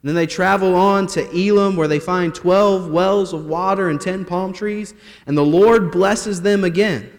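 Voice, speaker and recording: A man's voice: high voice, unhurried. Man preaching in an echoing church. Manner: earnest, reads scripture aloud in King James wording. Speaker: assistant pastor. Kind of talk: sermon with scripture reading. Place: church sanctuary.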